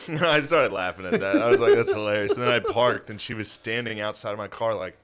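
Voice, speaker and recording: A man co-hosting a comedy podcast, telling profane stories and acting out the people in them in shrill voices. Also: very animated, a little fast, fairly bright tone. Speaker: podcast co-host. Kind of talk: casual comedic chat.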